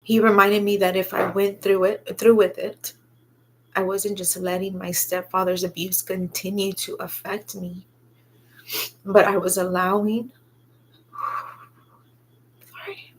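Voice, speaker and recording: Slow, halting woman telling her story. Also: mid-range voice, little pitch movement, slight background noise. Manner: halting, with many pauses and fillers. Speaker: vlogger sharing her own story. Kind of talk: personal storytelling.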